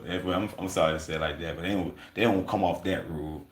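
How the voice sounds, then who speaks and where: A man's voice: low-pitched, fairly even intonation, fast talker, reverberant. A man hosting a livestream, rambling on in a casual, profane rant with many asides, stumbles and restarts. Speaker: livestream host.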